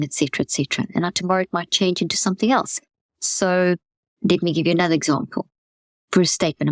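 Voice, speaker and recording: A woman's voice: on the low side, no echo. A woman hosting a podcast, explaining a mental health method in an earnest coaching way, often repeating and restarting her words. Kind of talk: webinar talk, explaining and coaching.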